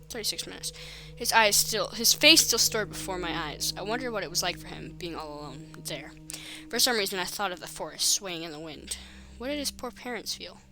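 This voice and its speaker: A woman's voice: medium pitch, pushed and bright. A woman streamer reading a story game aloud, breaking off for chatty, self-mocking asides.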